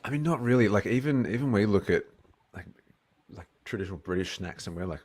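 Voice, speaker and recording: An Australian man with a notably low, deep voice, talking over a video call. He chats easily and jokes, and when a serious question comes he lays out his view in a steady, measured way. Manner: easygoing, joking, then measured when explaining. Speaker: guest. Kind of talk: casual Q&A conversation.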